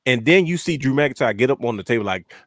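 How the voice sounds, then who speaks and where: A man's voice: mid-range voice, expressive, quick pace, no room sound, clean studio sound. A man co-hosting a podcast in casual chat, telling stories with animation and acting out his own reactions. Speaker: podcast co-host.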